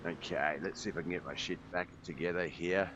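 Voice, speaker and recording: A man hosting a live sim racing broadcast on a headset mic, scattered and apologetic, thinking out loud between notes, with the hiccups. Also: deep voice, fairly even intonation, fairly quick, highs cut off, noisy background. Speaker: race commentator and stream host.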